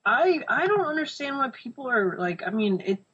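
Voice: high-pitched, big pitch swings, moderate pace, sharp tone, husky. A podcast panelist in casual chat, giving thoughtful, hedged opinions. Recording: dull lo-fi recording.

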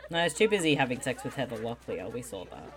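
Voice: medium pitch, sing-song, fast talker, some chatter behind. A podcast co-host in casual movie chat, dry and sarcastic.

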